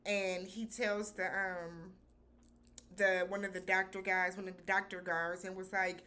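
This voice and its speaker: A woman's voice: mid-range voice, little pitch movement, measured pace, pushed and bright. A woman recapping a TV episode in a loose, chatty way, with slangy phrasing and lots of filler words. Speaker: TV show reviewer.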